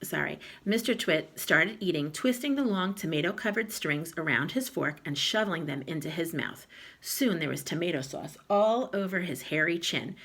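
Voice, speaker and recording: A woman reading a children's storybook aloud in a lively voice, with small slips. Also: low-pitched, moderate pace, breathy edge. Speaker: reader of a children's book.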